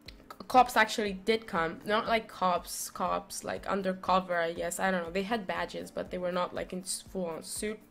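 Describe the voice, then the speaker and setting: Young woman, casual storytelling, animated, restarts a lot, faint background music. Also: mid-range voice, vocal fry. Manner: rambling, animated, many fillers and restarts. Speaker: vlogger.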